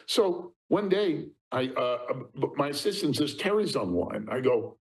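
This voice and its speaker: An older man, a talent agent, telling anecdotes as an interview guest, lively and laughing often. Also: a little high, a little slow, low-quality recording. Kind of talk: anecdotal storytelling.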